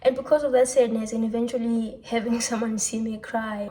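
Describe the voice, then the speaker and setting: A woman's voice: fairly high pitch, fairly even intonation, a little fast, few pauses, dark tone, rough recording. A young woman talking candidly and reflectively to camera in a rambling, confessional monologue. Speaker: vlogger.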